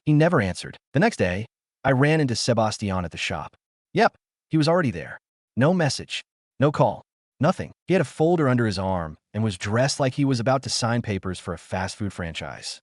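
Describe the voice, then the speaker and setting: A man's voice: medium pitch, very animated, brisk, no room sound, studio quality. A man narrating a scripted first-person story in a bitter, emotional, dramatic way.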